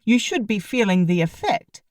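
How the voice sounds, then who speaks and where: A woman reading a brisk, impatient woman. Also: mid-range voice, sing-song, a little mellow, no echo, clean studio sound, distant mic, lightly acted.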